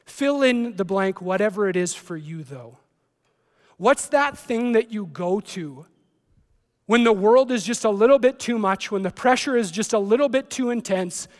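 A man's voice: high-pitched, expressive, normal speed, long reverb tail. A man preaching a sermon as a pastor, reading scripture and then talking in a conversational way with joking asides.

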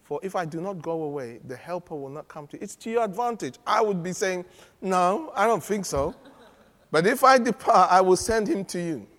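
A man preaching a sermon, animated and humorous, often laughing as he teaches. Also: high-pitched, normal speed. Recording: long reverb of a large hall.

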